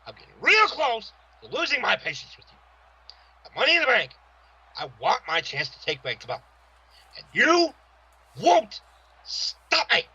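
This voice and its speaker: A man voicing a threatening veteran pro wrestler in a trash-talk promo, growling and shouting his threats. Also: extremely high pitch, huge pitch swings, moderate pace, pauses often, breathy edge, dull audio, voice pushed up, full character voice. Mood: menacing.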